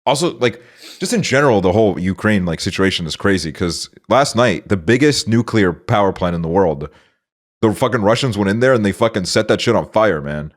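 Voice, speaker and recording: Jeune animateur de podcast, estonien, voix grave, débit décousu et grossier. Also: male voice, lowish voice, expressive, brisk. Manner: rambling, heavy filler and swearing. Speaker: podcast host. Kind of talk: casual chat.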